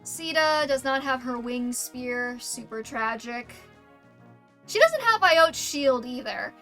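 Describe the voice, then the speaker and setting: A woman's voice: high-pitched, animated, slow pace, a bit bright, soft background music. A young woman streamer giving casual, crude and sarcastic gameplay commentary.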